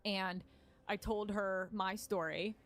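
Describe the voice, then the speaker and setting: A woman's voice: mid-range voice, steady tone, slow, fairly bright tone. A woman comedian telling a candid personal story in casual talk, rambling with many fillers and some swearing. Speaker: stand-up comedian.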